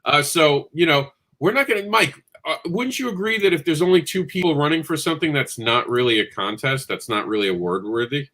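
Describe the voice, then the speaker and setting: A man's voice: on the high side, a little fast, hardly any pauses. A man hosting a live online panel chat, talking with passion and often cutting in on others. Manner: animated, impassioned, talks over others. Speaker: livestream show host.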